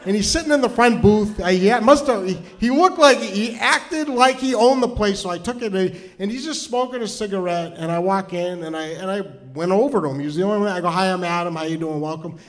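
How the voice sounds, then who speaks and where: A man's voice: sits high, fairly quick, few pauses. A middle-aged man from New Hampshire telling a rambling, self-deprecating comedy story on stage, full of restarts. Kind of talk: stand-up storytelling.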